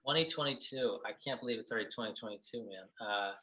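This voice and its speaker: A man, a band member guest, talking in a relaxed, rambling way, thinking aloud. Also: mid-range voice, fast talker, rough recording. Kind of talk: casual interview talk.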